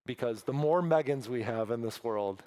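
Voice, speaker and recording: A man's voice: mid-range voice, moderate pace, dark tone. A man speaking at a church as a guest from a mission, earnest, with many fillers and restarts. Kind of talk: sermon talk.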